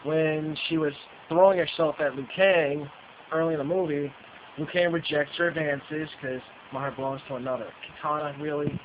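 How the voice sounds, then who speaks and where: A man's voice: a little high, fairly even intonation, moderate pace. A man giving a casual, profane ranting review, repeating himself and restarting sentences. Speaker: movie reviewer. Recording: dull lo-fi with faint hiss.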